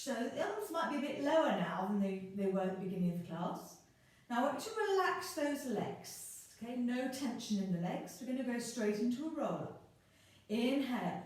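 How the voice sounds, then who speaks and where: Calm woman coaching a pilates class. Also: on the high side, far from the mic. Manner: calm, encouraging, counts reps and cues breathing. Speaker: pilates instructor. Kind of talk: guided exercise class instruction. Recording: echoey room, voice a bit off-mic.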